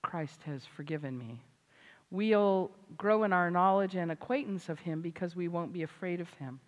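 Older lady preaching, gets loud and punchy, big echoey hall. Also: lowish voice, normal speed. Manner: animated, rising to loud emphatic exclamations. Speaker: Christian speaker and author. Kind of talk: sermon. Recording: hall reverb.

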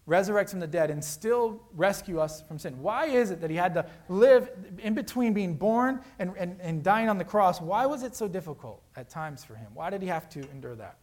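A man preaching a sermon as pastor, earnest and conversational, swinging between loud emphasis and hushed, quiet lows. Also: lively intonation, moderate pace, few pauses.

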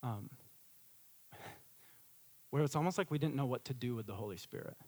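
A middle-aged man preaching a sermon as a pastor, swinging from loud emphatic peaks to a quiet storytelling tone. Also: medium pitch, expressive, moderate pace.

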